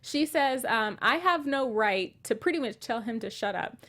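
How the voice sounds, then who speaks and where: A woman's voice: a little high, animated, moderate pace, a bit bright. Woman host leading a casual panel chat. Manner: reads live chat comments aloud, leads the discussion. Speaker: podcast host.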